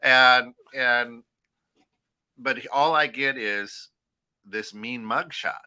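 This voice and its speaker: An American man co-hosting a casual internet radio talk show, talking in halting bursts with many fillers and restarts, often laughing. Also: medium pitch, bright, forceful tone, clean tone, no room sound, studio quality. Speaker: co-host.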